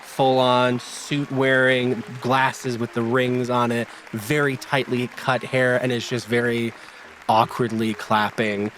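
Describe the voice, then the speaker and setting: A man's voice: medium pitch, flat delivery, slow, a bit bright, a little hiss or hum. A man narrating as game master of a tabletop role-playing game, describing scenes in a lightly playful way.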